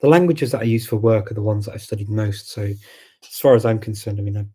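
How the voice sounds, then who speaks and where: A man with a Scouse accent hosting a live chat, answering viewer questions in a relaxed way, thinking aloud with many pauses and restarts. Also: fairly low pitch, husky. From Liverpool, England. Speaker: host of a live language chat.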